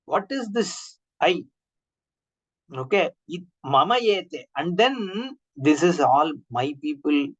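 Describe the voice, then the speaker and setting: A man giving an online scripture class, explaining with rhetorical questions and everyday examples and chanting Sanskrit terms slowly. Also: on the high side, very animated, a bit bright. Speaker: Vedanta teacher. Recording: dull lo-fi online class audio.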